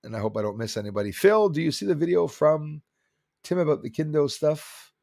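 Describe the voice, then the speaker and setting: A man's voice: a little high, fairly quick, vocal fry, a little mellow, dry recording, studio quality. A middle-aged man from Canada hosting a casual livestream, rambling and reading viewer comments aloud. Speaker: livestream host.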